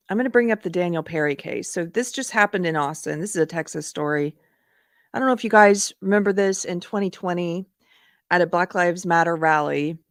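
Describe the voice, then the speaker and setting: A woman's voice: on the low side, gravelly, no room sound, clean studio sound. A woman hosting a live stream who chats casually, laughs often and reads chat comments aloud. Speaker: livestream host.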